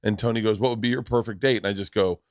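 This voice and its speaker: A podcast host in his forties from Tampa, Florida chats casually on a studio mic, telling animated stories with acted-out voices and plenty of swearing. His voice is fairly low and fast. There's no room sound.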